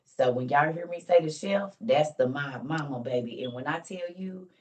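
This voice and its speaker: Tired low-voiced grandmother vlogging. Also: normal speed, darkish tone, far from the mic, rough recording. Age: older. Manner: chatty storytelling, Southern Black vernacular, calls viewers y'all and honey. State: tired and weak. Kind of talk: casual morning vlog chat.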